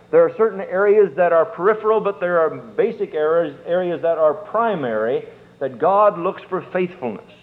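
A man preaches a sermon in a somewhat high voice, leaning hard on drawn-out words as his fervor builds. The sound is thin and boxy, as if heard over a phone line. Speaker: pastor.

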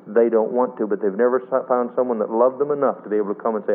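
A man's voice: medium pitch, fairly even intonation, fast, few pauses. Man preaching over a tinny radio line. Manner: emphatic, storytelling, asks the congregation questions. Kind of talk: sermon.

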